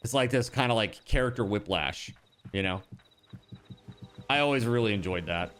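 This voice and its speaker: A man casually chatting to his viewers while he plays a game, animated and rambling, with many fillers and restarts. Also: on the low side, moderate pace. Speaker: streamer.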